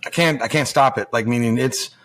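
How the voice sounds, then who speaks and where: A little fast and fairly bright, at a middle pitch, a podcast guest in his forties tells loose stories, rambling and restarting along the way. He once played pro hockey and now coaches juniors; he swears freely, acts out others' voices, and keeps his delivery casual and conversational.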